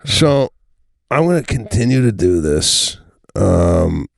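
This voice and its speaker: A man's voice: lowish voice, very animated, takes it slowly, creaky, no room sound, studio quality. A middle-aged man co-hosting a podcast in casual chat, telling family stories and acting out the quotes. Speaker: podcast co-host.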